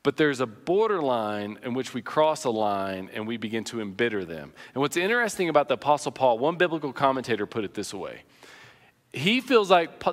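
A man's voice: mid-range voice, a bit bright, long reverb tail. A man preaching a sermon as pastor, conversational and earnest, telling personal anecdotes.

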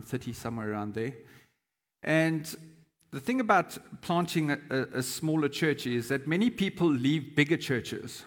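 A chatty pastor man in a reverberant hall. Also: mid-range voice. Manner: conversational, hesitant with many fillers and restarts. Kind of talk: sermon. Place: church.

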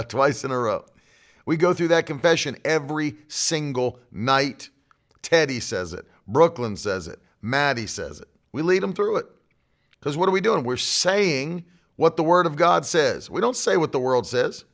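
A man's voice: fairly high pitch, expressive, normal speed, fairly bright tone. A male pastor preaching a fiery sermon to an online audience, hammering home his points by repeating them. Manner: emphatic, repeats key phrases.

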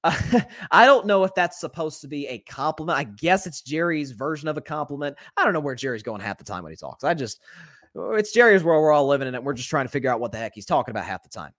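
A man's voice: fairly high pitch, very animated, a bit bright. A man hosting a solo sports talk show, emphatic and rattling off stats. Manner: rapid-fire stat listing, emphatic.

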